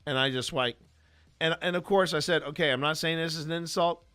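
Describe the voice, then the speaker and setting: A man's voice: a little high, brisk, pushed and bright, clear, resonant tone, faint music behind. A man, a paranormal investigator host, casually telling rambling stories with many restarts. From American South. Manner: rambling, frequent restarts and fillers. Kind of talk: casual storytelling Q&A.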